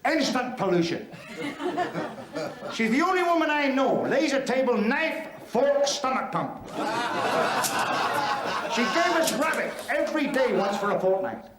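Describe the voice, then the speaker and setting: A man's voice: very high voice, big pitch swings, unhurried, long pauses, a crowd in the background, exaggerated voice. An actor playing a brash, crude male club comedian from Belfast, with a Belfast accent, telling bawdy jokes on stage. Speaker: stand-up comedian. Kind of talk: stand-up comedy performance in a TV drama. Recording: echoey club hall with laughing audience.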